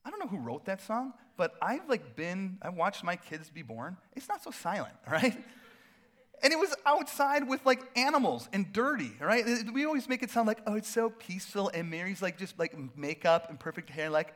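A middle-aged pastor preaching a sermon in a loose, conversational way, full of fillers and asides. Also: male voice, high voice, big pitch swings, moderate pace, a bit bright.

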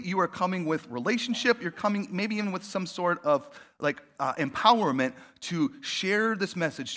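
A man preaching a casual, animated sermon, often checking in with "right?" and "like.". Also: high voice. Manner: animated, conversational, tosses in "right?" and "like". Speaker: pastor.

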